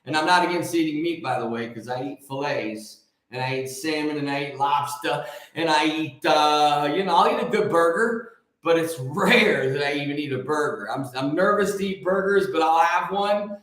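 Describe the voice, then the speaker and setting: A man hosting a show and preaching casually, joking and rambling with lively energy. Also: on the high side, moderate pace. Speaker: host and preacher. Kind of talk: casual live preaching talk. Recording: very echoey room.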